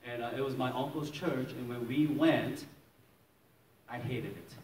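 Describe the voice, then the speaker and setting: A man's voice: medium pitch, a little slow. A man from Maryland, a pastor, telling his testimony in a sermon, acting out scenes and laughing often as he tells it. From Maryland, USA. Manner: lively storytelling, acts out scenes, laughs often. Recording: roomy echo, distant mic, faint noise.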